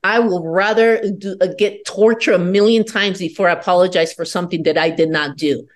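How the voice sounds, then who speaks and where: A woman from Peru tells candid stories as a podcast guest, swearing freely and speaking with emphasis. Her voice sits fairly low for a woman, and she sounds defiant. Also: fairly even intonation, brisk. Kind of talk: candid personal storytelling.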